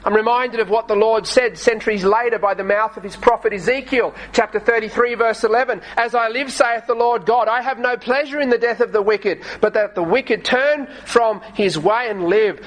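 A man preaching a sermon, reading scripture aloud and slowing down to stress key phrases in an earnest, pleading way. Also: high-pitched, a bit bright, low-quality recording. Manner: reads scripture in archaic wording, slows for emphasis.

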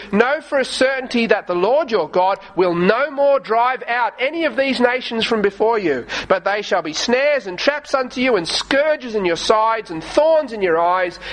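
Male preacher, high voice, earnest sermon, slow scripture reading. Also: fairly bright tone, low-quality recording. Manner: reads scripture in archaic wording, slows for emphasis.

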